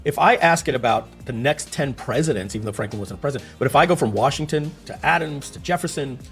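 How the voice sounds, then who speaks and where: A man's voice: medium pitch, fast talker, faint music behind. A man giving a casual screen-share explanation, telling stories and asking rhetorical questions as he goes. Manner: animated, storytelling, rhetorical questions. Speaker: tech explainer.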